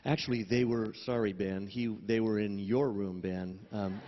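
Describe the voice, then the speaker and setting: A man's voice: lowish voice, fairly even intonation, moderate pace. A man hosting a memorial service, introducing a speaker and telling an anecdote with laughter. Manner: chatty, laughing storyteller. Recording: dull audio with long hall reverb.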